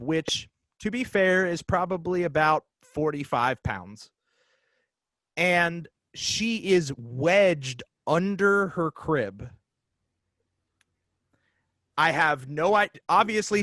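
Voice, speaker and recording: A man in his forties, a podcast guest, telling a story casually and haltingly with many fillers and restarts. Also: fairly high pitch, fairly bright tone, no echo.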